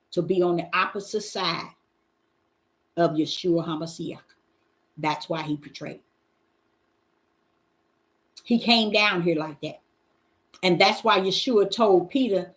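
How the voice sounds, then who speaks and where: A middle-aged woman hosting a Bible question session, preaching in a folksy, emphatic way and calling out to her listeners. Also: fairly low pitch. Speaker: host answering Bible questions. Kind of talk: informal preaching to a live audience.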